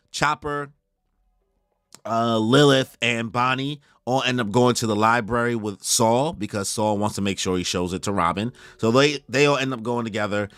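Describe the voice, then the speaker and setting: A man hosting a live manga reaction who talks in a casual, slangy, excitable way. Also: on the low side, no room sound, studio quality. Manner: slangy, excitable, goes off on tangents.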